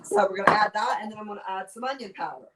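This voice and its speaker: A woman's voice: medium pitch, very fast, a crowd in the background, poor audio. A woman with a Southern US accent, a guest chef chatting her way through a cooking demonstration on a video call and narrating each step with enthusiasm. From Southern United States. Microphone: video call microphone.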